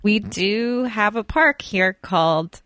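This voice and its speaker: A woman chatting casually and tossing in wry, deadpan quips. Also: mid-range voice, slow pace, dry recording, studio quality. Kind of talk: casual chat.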